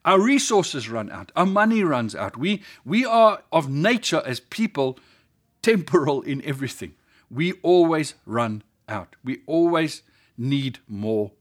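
A South African man delivering a sermon in an earnest, steady voice of middling pitch. He drives his points home by repeating phrases with rising emphasis, stacking line on line. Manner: earnest, builds with emphatic repetition. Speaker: pastor.

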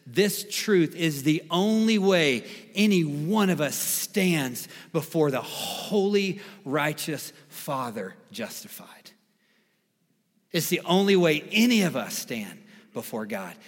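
A man preaching a sermon as pastor, emphatic, repeating key phrases and swinging between quiet and loud. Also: mid-range voice. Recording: long reverb of a large hall.

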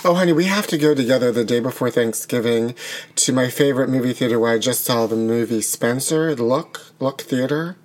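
A man's voice: mid-range voice, fairly quick. Dramatic, gossipy male show host. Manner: dramatic, gossipy, calls people honey. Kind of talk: casual banter.

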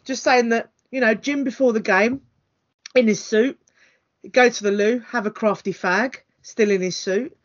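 A woman's voice: a little high, normal speed, dull audio. Rambling woman on a football podcast. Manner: rambling, hesitant, many fillers. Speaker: podcast co-host. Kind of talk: casual football chat.

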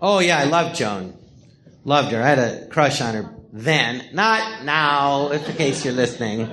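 A man's voice: medium pitch, measured pace, crowd noise. A middle-aged man from the Los Angeles area, telling stories in a casual interview with lots of laughter and acted-out quotes. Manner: animated, laughing storyteller who acts out quotes. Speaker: podcast host telling stories. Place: small live theater.

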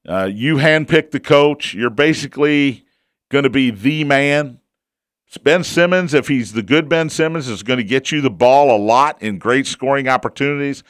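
A man's voice: medium pitch, fairly bright tone, clear, resonant tone, dry recording, clean studio sound. A man hosting a casual sports talk show, chatty and opinionated, who asks himself questions and answers them.

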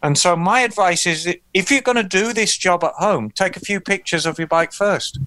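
A man co-hosting a casual motorcycle podcast, explaining things in a relaxed, thoughtful way with many fillers. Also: high voice, normal speed, clear, resonant tone. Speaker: podcast co-host. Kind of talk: casual chat.

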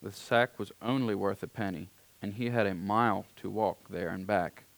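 A man reading a story aloud in a calm, unhurried way, now and then clearing his throat. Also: on the low side, no echo.

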